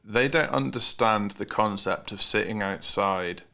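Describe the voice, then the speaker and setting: A man's voice: fairly low pitch, a little slow, gravelly, sharp tone. A British man hosting a podcast, chatting casually, laughing easily and restarting his phrases. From United Kingdom. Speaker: podcast host. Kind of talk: casual interview chat.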